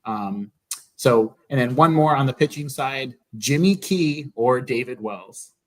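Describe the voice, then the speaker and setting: A man hosting a sports podcast, relaxed and casual, with many fillers. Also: mid-range voice, unhurried. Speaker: podcast host. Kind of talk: casual chat.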